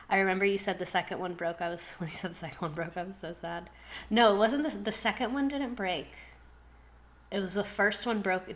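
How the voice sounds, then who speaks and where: A woman in her twenties hosting a casual live stream, talking very fast and gasping for air between phrases. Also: fairly low pitch, fairly bright tone, poor audio. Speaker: streamer host. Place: home streaming setup.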